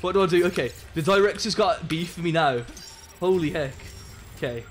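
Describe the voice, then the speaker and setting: A young English man live-streaming a video game, excitable and loud, swearing and chatting to his viewers. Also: fairly high pitch, brisk. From England. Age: young adult. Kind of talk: live gaming commentary. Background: game music.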